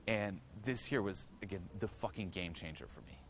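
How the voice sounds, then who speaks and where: A man's voice: sits low, moderate pace, a bit bright, slight background noise. A man telling his own story straight to the viewer, frank and earnest, swearing freely and leaning on "you know" fillers. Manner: earnest, direct address to viewer. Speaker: self-improvement vlogger. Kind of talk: candid personal storytelling to camera.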